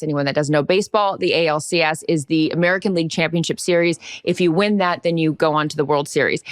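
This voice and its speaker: Woman from the pacific northwest, low-ish voice, rambling excited story, dry close mic. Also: no echo. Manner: chatty, excited storytelling with many asides. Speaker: podcast co-host. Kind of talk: casual chat. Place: sunny podcast studio.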